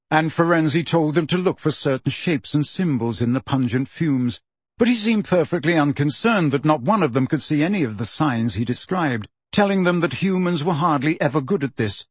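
A man narrating a story for an audiobook in a steady storytelling delivery. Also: fairly high pitch, breathy edge, dry recording.

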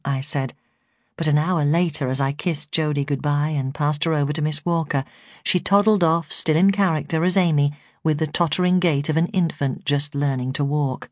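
A woman narrating a first-person memoir in a measured, earnest reading. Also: deep voice, no room sound, clean studio sound. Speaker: audiobook narrator.

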